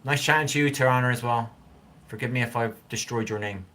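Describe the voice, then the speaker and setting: A man's voice: mid-range voice, brisk, fairly bright tone. A middle-aged man hosting a casual livestream, reading viewer comments aloud and giving folksy advice while stumbling over names. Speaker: livestream host.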